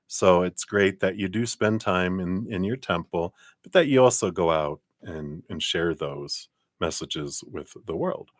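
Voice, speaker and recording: A man's voice: sits low, measured pace, dry recording, studio quality. A man giving a casual live tarot reading, chatty and encouraging, thinking aloud as he goes. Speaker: tarot card reader.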